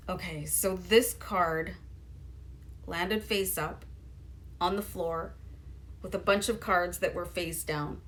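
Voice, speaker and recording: A woman with a lowish voice and steady tone gives her viewers a casual tarot reading, speaking slowly with long pauses. She's chatty and loose, full of fillers like "you know" and "um."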